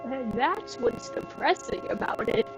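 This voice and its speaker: High-voiced apologetic woman gamer. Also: lively intonation, a little slow. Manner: apologetic, emotional, giggly. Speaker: game streamer. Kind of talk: let's play commentary. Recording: dull sound with game music.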